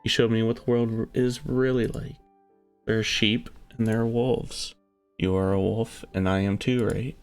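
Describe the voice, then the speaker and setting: A man's voice: on the low side, level tone, moderate pace, a little mellow, clean tone, soft background music, close to an everyday voice. A man voicing a tearful, devoted young woman who clings to the one she loves.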